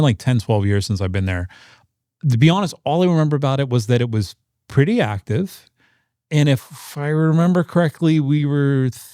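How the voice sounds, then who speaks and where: A man's voice: mid-range voice, a little mellow, dry recording, clean studio sound. An American man hosting a podcast, chatting casually and asking his guests questions. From United States. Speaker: podcast host. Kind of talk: casual interview chat.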